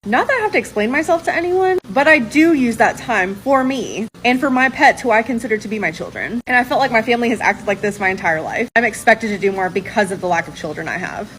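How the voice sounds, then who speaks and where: A woman's voice: a little high, lively intonation, quick pace, hardly any pauses, fairly bright tone, slight background noise, low-quality recording. A woman telling a personal story in an exasperated tone, swearing for emphasis. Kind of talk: storytime vlog.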